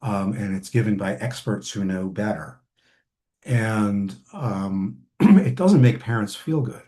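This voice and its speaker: A man giving a relaxed, conversational training lecture on family therapy, with many ums and restarts and brief acted-out parent quotes. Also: on the low side, slow pace.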